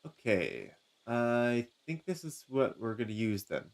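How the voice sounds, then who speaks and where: Unhurried male streamer thinking aloud. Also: mid-range voice, sing-song. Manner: musing aloud, unhurried, many fillers. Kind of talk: casual gameplay commentary. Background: faint game music.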